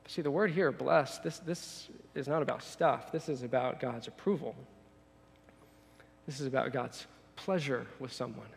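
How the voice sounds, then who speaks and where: A man's voice: medium pitch, moderate pace, vocal fry. Conversational man preaching in a reverberant hall. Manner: conversational preaching, repeats words, acts out quoted voices. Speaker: pastor. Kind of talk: sermon.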